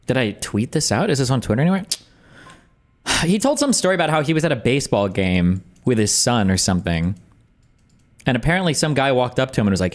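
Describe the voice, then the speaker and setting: A man's voice: fairly low pitch, lively intonation, quick pace. A man streaming and reacting to clips, rambling in a wry, sarcastic way to his chat at his desk mic. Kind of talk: casual reaction commentary.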